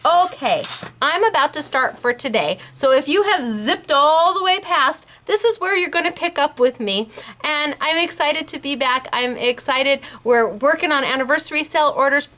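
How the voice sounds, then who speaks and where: A woman hosting a casual craft tutorial, chatty and bubbly and quick to laugh. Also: sits high, bright, forceful tone. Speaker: host of a scrapbooking shop channel.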